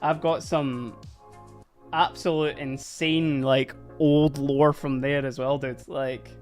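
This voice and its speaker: A man's voice: mid-range voice, level tone, slow pace, darkish tone, soft background music. A young man with a Dundee Scottish accent, chatting casually with his stream while painting, laughing often and dropping Scottish slang. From Dundee, Scotland. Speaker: livestream host painting miniatures. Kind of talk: casual streaming chat with viewers.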